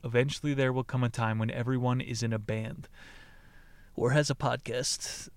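A man hosting a podcast, reading a book aloud in a deadpan way and breaking off into laughing, profane asides. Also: mid-range voice, moderate pace, no room sound. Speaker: podcast host.

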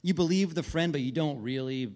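A man's voice: fairly high pitch, a little fast, a little mellow. A man, a pastor in his thirties with a wife and kids, preaching a sermon in a conversational storytelling way, full of restarts and asides.

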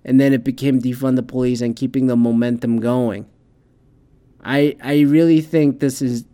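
A man hosting his own show, delivering a heated, profanity-laden opinion rant that swings between loud outbursts and quieter asides. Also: medium pitch, smooth. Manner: heated, swears constantly, shifts loud and soft. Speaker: podcast host.

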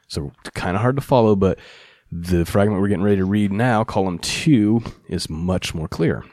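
A man's voice: sits low, normal speed, darkish tone, dry recording, studio quality. A man reading a translated ancient text aloud, breaking off now and then to explain it in loose, joking asides. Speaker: teacher of ancient texts.

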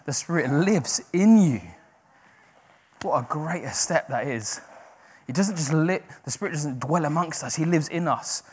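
A man preaching to his congregation, his voice sitting a little higher than most men's. He drops to a near hush to stress a promise, then climbs loud and high as he urges his listeners on. He catches and corrects himself mid-sentence with a quick laugh. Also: animated, husky. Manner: swings from hushed, slow emphasis to loud, rising exhortation; self-correcting, with brief laughs. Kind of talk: sermon.

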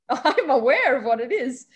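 A young woman with an Australian accent and a fairly high voice tells an anecdote as an interview guest. She talks casually, with plenty of "um" and "like", and acts out the people she quotes. She sounds like a stage performer recounting her own adventures. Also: sing-song, unhurried. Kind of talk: casual storytelling.

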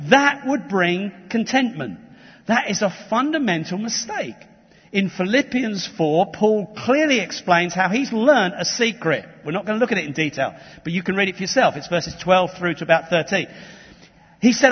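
A man's voice: sits high, lively intonation, normal speed, husky, in a large hall, dull audio. A man from England preaching a sermon, earnest and emphatic, with restarts and asides. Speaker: pastor. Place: church hall.

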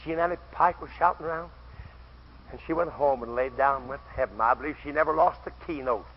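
An older man preaching a fervent camp meeting sermon, telling stories with quoted voices and breaking into shouts, on an old recording. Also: medium pitch, fast. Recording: dull lo-fi old tape recording.

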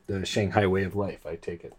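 A man's voice: low-pitched, flat delivery, brisk, husky. A man hosting a casual conversation, joking and teasing his guest.

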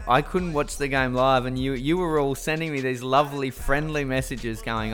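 A man's voice: medium pitch, moderate pace, few pauses, fairly bright tone, faint music behind. A man with an Australian accent co-hosting a casual podcast chat, ranting and swearing freely. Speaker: podcast co-host.

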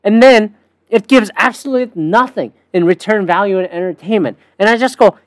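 A woman's voice: medium pitch, brisk, no room sound. A woman podcast host delivering a casual, profane, sarcastic rant. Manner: profane, sarcastic, animated ranting with swings between loud and muttered.

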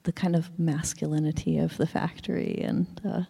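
Brief: woman interviewer, low gravelly voice, mellow tone, measured and thoughtful. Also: fairly even intonation. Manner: measured, hesitant with fillers.

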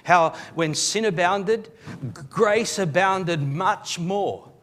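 A man's voice: high voice, slow, fairly bright tone. A man preaching a live church sermon as pastor, reading scripture aloud and explaining it, sometimes repeating words as he starts a sentence. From Australia.

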